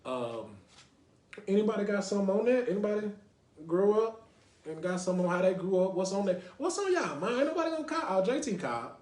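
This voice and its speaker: A man hosts a laid-back podcast, talking in loose runs that keep circling back to "you know what I mean". His voice sits a little high for a man, and it bounces around an echoey room. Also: big pitch swings, fast, darkish tone. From Lake Highlands, North Dallas, Texas. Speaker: podcast host. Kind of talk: casual podcast talk with call-ins.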